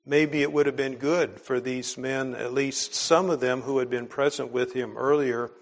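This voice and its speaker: A pastor giving a conversational sermon in a church and reading scripture aloud, earnest and plain-spoken, often letting his phrases trail off quietly. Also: medium pitch, fairly even intonation, normal speed, vocal fry.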